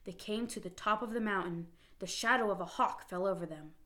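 A woman reading children's stories aloud in a slow, expressive, clearly paced way. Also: mid-range voice. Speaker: storybook reader. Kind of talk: children's story read-aloud.

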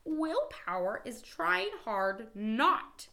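Woman voicing a cheerful male frog, storybook read-aloud, high bouncy voice, slow lively lines. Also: vocal fry, full character voice. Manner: high, eager, bouncy delivery.

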